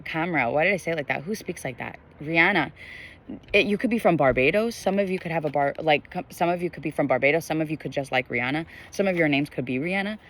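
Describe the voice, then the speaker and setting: Speaking a bit fast in a slightly high, somewhat bright voice, this young tarot reader offers a loose collective reading straight to camera, full of filler words and wandering spiritual reflection. The setting is indoors, a bright sky glowing at his back, with the camera pointed at him.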